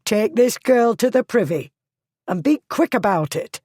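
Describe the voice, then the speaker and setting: Woman voicing a shrill, panicking schoolmistress. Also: big pitch swings, unhurried, a little mellow, slightly rough, no room sound, clean studio sound, full character voice. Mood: commanding. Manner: shrill and screaming. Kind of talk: audiobook character voice.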